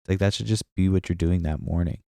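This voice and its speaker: A man's voice: sits low, quick pace, creaky, dark tone, dry recording, studio quality. A young man with a stuffy nose, hosting a podcast as a rambling, profane casual monologue full of fillers. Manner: profane, meandering storytelling with many fillers. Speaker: podcast host.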